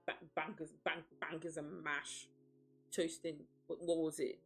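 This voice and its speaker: A woman's voice: low-pitched, little pitch movement, unhurried, soft background music. A woman streaming as a VTuber, chatting casually in a blunt, profane, playfully dramatic way and laughing often. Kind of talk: casual livestream chat.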